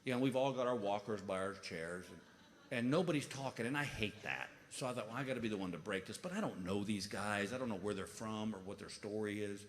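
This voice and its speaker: A middle-aged man telling stand-up comedy stories, animated and acting out voices with big outbursts. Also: lowish voice, brisk, long reverb tail. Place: comedy stage before a laughing audience. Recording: live show with clear audience noise.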